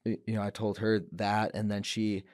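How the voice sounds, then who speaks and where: A man's voice: fairly low pitch, level tone, moderate pace, darkish tone, no room sound, clean studio sound. A young man telling his story as a podcast guest, earnest, with restarts and quoted words. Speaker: guest, professional fighter. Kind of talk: emotional personal testimony. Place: podcast studio.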